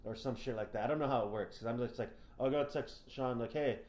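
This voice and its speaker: A man's voice: medium pitch, quick pace. A young man co-hosting a casual podcast, swearing freely and acting out other people's lines as he rants. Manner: swears a lot, rants with animated quoting. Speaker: podcast co-host. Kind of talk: casual profane chat. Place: house. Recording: roomy house recording.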